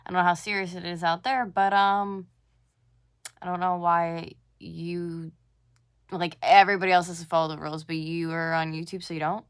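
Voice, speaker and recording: A woman's voice: lowish voice, flat delivery, moderate pace, clear, resonant tone. A woman in her twenties from North America, giving sarcastic, indignant reaction commentary on a video. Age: 20s.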